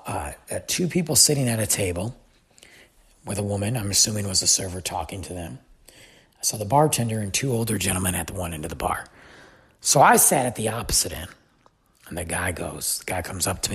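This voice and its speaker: A man hosting a podcast, telling a travel story in a chatty, animated way. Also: fairly low pitch, gravelly, husky. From United States. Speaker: podcast host. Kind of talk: casual storytelling.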